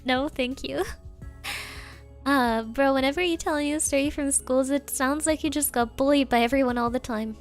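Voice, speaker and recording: A woman's voice: high voice, moderate pace, soft background music. A woman streamer from Germany chatting casually, rambling with lots of "like" and frequent giggles. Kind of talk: casual chat.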